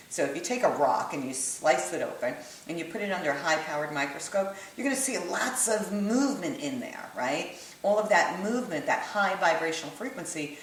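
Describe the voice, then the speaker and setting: Low-voiced woman teaching in an echoey room. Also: recorded from a distance, slight background noise. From United States. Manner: conversational, checks in with "right?" and "okay?". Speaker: holistic kinesiology teacher. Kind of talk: explanatory lesson to camera.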